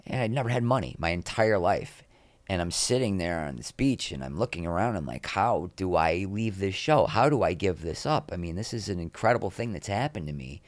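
Deep-voiced man telling candid stories. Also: no room sound. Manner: rambling, self-deprecating, animated when quoting others. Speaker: interview guest. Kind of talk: candid storytelling interview.

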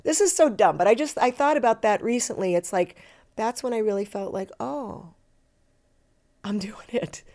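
A middle-aged woman talking casually as an interview guest, her pitch sitting in the ordinary middle range for a woman. She tells stories in an animated way, mocks herself and breaks off into quick asides. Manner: animated, self-deprecating storytelling with quick asides.

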